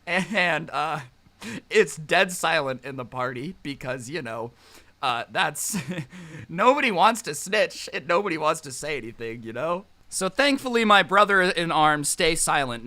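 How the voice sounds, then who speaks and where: A man's voice: fairly high pitch, normal speed, bright, forceful tone. A man telling a story in a casual vlog, with sarcastic joking asides. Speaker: storytime vlogger.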